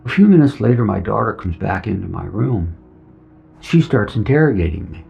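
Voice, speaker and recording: A fairly low, gravelly, slightly rough voice with a sing-song lilt and normal speed tells this story. The speaker is a middle-aged veteran sincerely sharing his personal testimony and acting out the dialogue, with soft music in the background of a dull lo-fi recording.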